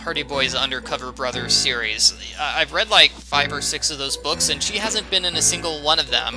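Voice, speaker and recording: A man's voice: on the high side, a little fast, few pauses, music in the background. A man giving casual walkthrough commentary on a game, rambling and often stumbling over and repeating words. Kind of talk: casual let's-play commentary.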